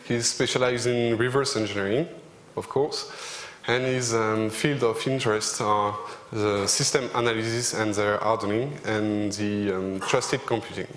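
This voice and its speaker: A young man with a French accent giving a technical conference talk, relaxed and joking lightly with the audience. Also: fairly low pitch, a little slow. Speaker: conference speaker. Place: large conference hall. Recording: echoey lecture hall with a faint hum.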